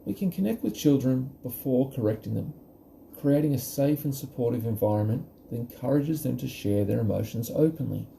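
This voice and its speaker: Calm man with a gravelly, dark voice. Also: mid-range voice, a little fast, a little hiss or hum. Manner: calm, gentle and reassuring, modelling phrases aloud. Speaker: parenting educator. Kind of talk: talk on parenting advice.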